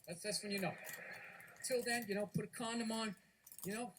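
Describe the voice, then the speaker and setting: A man's voice: sits high, steady tone, brisk, fairly bright tone, slight background noise. A man doing stand-up comedy on stage, ranting and swearing in a conversational way.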